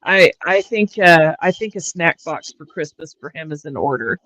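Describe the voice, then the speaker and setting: A woman hosting a livestream, chatting casually in a halting way with frequent restarts and fillers. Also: low voice, lively intonation, fairly bright tone, no echo, low-quality recording. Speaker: livestream host. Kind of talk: casual chat.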